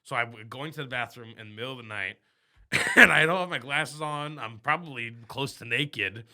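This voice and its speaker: A young man co-hosting a podcast in casual chat, telling a story with animated, acted-out moments. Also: mid-range voice, moderate pace. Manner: animated storytelling, acts out his own screams. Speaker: podcast co-host.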